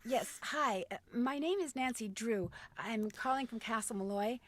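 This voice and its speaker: A woman's voice: on the high side, moderate pace, a bit bright, slight background noise, close to an everyday voice. An actress playing a young woman detective who asks polite, probing questions.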